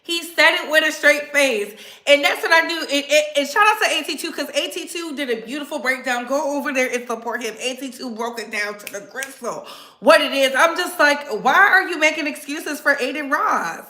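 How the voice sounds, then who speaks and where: A woman hosting a casual commentary show, sassy and animated as she talks right to her viewers. Her voice is bright and a little high. It sounds like an echoey room. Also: brisk. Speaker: commentary channel host.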